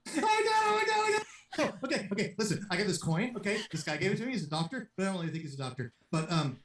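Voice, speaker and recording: A woman voicing an excited little kindergartner who squeals and rushes her words. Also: mid-range voice, close to an everyday voice. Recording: roomy far-off mic with clear noise.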